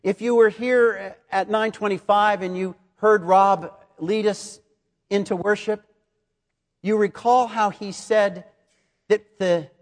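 A pastor, middle-aged, delivers a sermon in a fairly high voice. He explains steadily and poses rhetorical questions. His voice rings with a long reverb.

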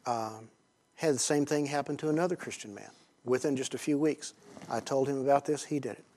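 Here a man, a Christian teacher, tells a story as a sermon to a group, with a mid-range voice. He sounds conversational and hesitant, pausing frequently and filling gaps, alternating between hushed moments and loud emphasis.

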